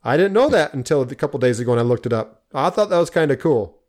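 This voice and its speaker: A man's voice: medium pitch, animated, fast, a little mellow. A man co-hosting a casual podcast, sharing movie trivia with enthusiasm and frequent laughter. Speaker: podcast co-host.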